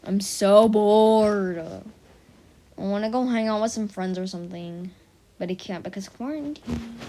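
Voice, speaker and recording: A woman's voice: mid-range voice, a little mellow, a little hiss or hum. A teenage girl rambling casually to her viewers in a silly, chatty vlog, full of "like" and tangents. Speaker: vlogger.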